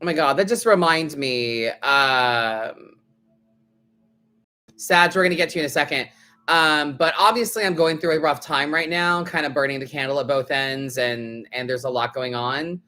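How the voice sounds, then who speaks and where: A man's voice: on the high side, normal speed, sharp tone. A man hosting a live tarot stream, talking in a loose, chatty way full of "like" fillers, casual swearing and frequent laughter. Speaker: tarot reader, host.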